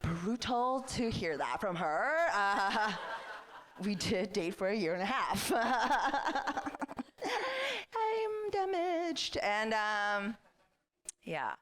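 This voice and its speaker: A woman's voice: medium pitch, slow, a bit bright. A woman in her thirties performing a stand-up comedy set on a club stage, chatty and self-deprecating, with lots of "like" fillers.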